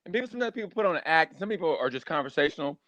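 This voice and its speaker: High-energy animated comedian man, dry sound. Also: racing, no room sound, highs cut off. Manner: animated, rambling storyteller, acts out voices. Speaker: stand-up comedian guest. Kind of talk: casual podcast chat.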